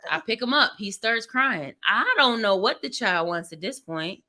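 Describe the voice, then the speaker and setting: In a mid-range, animated voice with a sharp tone and moderate pace, a young woman livestreams from her bedroom. She talks to viewers in a candid, rambling way, emotionally unloading about how tired and overwhelmed her baby leaves her.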